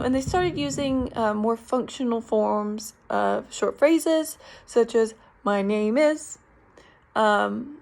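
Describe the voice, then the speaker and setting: Gravelly young woman presenting an assignment. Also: fairly high pitch, a little mellow. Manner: informal, frequent ums, explanatory. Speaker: speech therapy student. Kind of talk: recorded class presentation.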